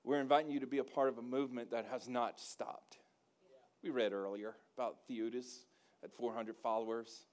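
At a moderate pace and in a steady, medium-pitched voice, a pastor preaches with folksy humor. He invites the congregation to respond, swelling into loud, emphatic call-and-response.

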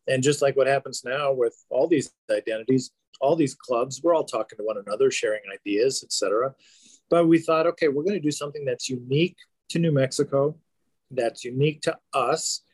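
A man who is a baseball team's general manager, answering interview questions in a relaxed, rambling way with many fillers and restarts. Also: mid-range voice, no echo.

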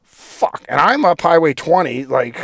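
A man's voice: on the high side, very animated, measured pace, creaky, fairly bright tone, no echo, clean studio sound. A man, co-hosting a podcast, telling a long rambling story in casual, profane chat. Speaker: podcast co-host.

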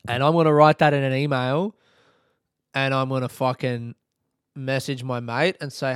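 A man's voice: mid-range voice, fairly even intonation, normal speed, long pauses, clear, resonant tone, no echo, clean studio sound. A young man hosting his own podcast, telling a story in a rambling, sweary way and laughing often. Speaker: podcast host and stand-up comedian. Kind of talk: casual solo podcast monologue.

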